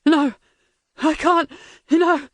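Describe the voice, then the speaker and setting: A frightened male prison guard pleads in short, breathless bursts, as a woman narrator voices him. His voice sits high and strained, recorded close and dry. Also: moderate pace, dry recording, close to an everyday voice. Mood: desperate.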